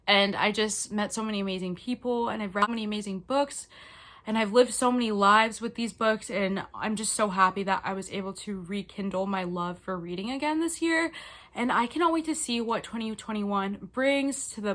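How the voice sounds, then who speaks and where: A woman's voice: medium pitch, a bit bright. A woman book vlogger talking to camera in a casual, gushing, emotional way about her favorite reads.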